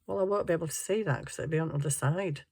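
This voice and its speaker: A woman's voice: deep voice, very fast, vocal fry, darkish tone, husky. A woman chatting casually while crafting at home, tired, ditzy and giggly, muttering to herself as she hunts round her desk. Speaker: craft vlogger.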